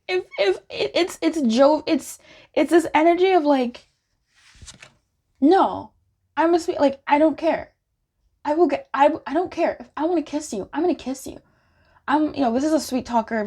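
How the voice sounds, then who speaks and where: A woman's voice: medium pitch, a little mellow. A woman giving a casual pick-a-card tarot reading, chatty and giggly, often acting out playful quoted voices. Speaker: tarot reader.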